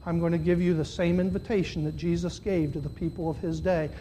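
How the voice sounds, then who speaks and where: A man preaching a sermon to a congregation, swinging between loud, high, impassioned stretches and low, earnest appeals. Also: fairly even intonation, brisk, a little hiss or hum. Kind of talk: sermon with altar call. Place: church.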